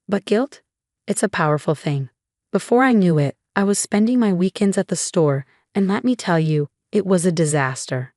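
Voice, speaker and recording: A woman giving a scripted first-person story narration in a smooth, steady reading voice. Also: on the low side, normal speed, dry recording, studio quality.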